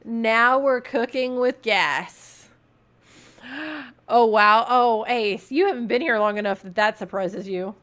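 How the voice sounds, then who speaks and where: A young woman streaming a game, reacting in an excitable, animated way and swearing freely. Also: fairly high pitch, slow. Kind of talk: game commentary.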